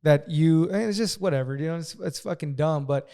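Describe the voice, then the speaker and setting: Guy on a podcast, kinda high voice, cusses a lot, blunt and aggressive. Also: a little fast, mellow, clean tone. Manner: blunt and profane, talks aggressively. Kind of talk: casual podcast conversation.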